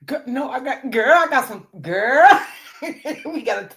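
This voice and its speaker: A woman's voice: high-pitched, lively intonation, unhurried, fairly bright tone. Laughing woman hosting a live stream. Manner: laughs often, calls on the Lord, swears freely. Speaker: live stream host reading chat. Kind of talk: casual live stream chat.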